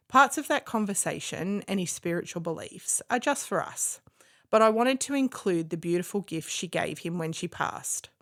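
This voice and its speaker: Woman narrating a podcast. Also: lowish voice. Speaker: podcast host. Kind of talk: scripted narration.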